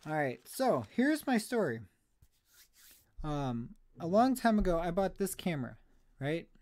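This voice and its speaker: A man's voice: a little high, big pitch swings, unhurried, darkish tone, no room sound, studio quality. A man chatting on a live stream about thrift finds, rambling and self-deprecating, sounding slightly out of breath. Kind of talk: casual live stream chat.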